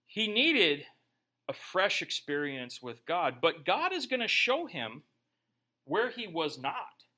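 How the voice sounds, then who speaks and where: A man's voice: a little high, bright, forceful tone. A man preaching a sermon in a conversational way, with joking asides. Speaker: pastor.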